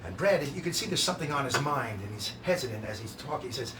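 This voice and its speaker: A man hosting a live show, reading a stage script aloud with relaxed, offhand asides. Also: mid-range voice, fast, background noise. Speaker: host reading a musical's script. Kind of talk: casual script read-aloud. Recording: echoey room, distant mic, guitar.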